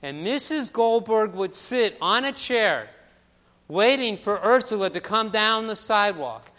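A male pastor preaches in a high, smooth and resonant voice, moving between hushed storytelling and loud emphasis. The sound carries the long reverb of a large church sanctuary. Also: animated, unhurried. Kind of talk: sermon.

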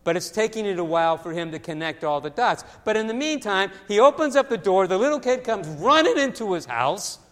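A man preaching a sermon as pastor, telling stories in a lively way and often repeating his words. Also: high-pitched, a little fast, few pauses. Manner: storytelling, animated with acted voices, repeats words. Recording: long hall reverb.

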